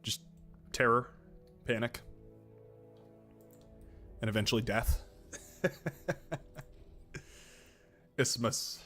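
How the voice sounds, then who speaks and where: A man's voice: medium pitch, little pitch movement, extremely slow, long pauses, sharp tone, soft background music. Chatty male game streamer. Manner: chatty, rambling, joking asides. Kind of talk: casual gameplay commentary.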